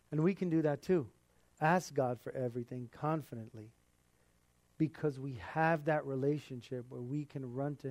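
A man's voice: medium pitch, dark tone, no echo. A man preaching a sermon in an earnest, conversational way, with the odd laugh.

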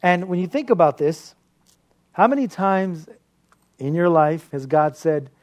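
A man preaching a sermon as a pastor, telling stories in an animated way and laughing often. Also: on the high side, a little slow. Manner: animated storytelling with frequent laughter.

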